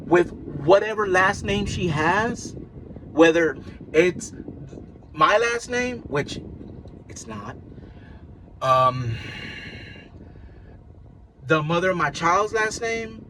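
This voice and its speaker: A man in his thirties venting in a personal vlog, halting and repeating himself as he talks. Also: a little high. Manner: halting, repetitive, venting and apologetic. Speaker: vlogger. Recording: noisy background hum.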